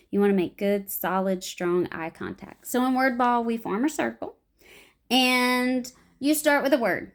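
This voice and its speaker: Young female improv teacher, animated, slightly high voice, beginner lesson. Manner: animated, acts out short example lines.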